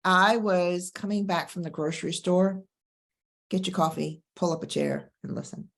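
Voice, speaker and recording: Middle-aged woman, divorce coach host, lower register, emphatic motivational delivery. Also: creaky. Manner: emphatic, preacher-like cadence with slow stressed phrases. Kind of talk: motivational monologue and personal story.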